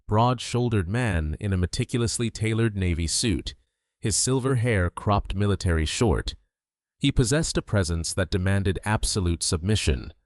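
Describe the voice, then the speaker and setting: A man reading a dramatic story as a narrator, in a measured storytelling manner. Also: fairly low pitch, no echo, clean studio sound.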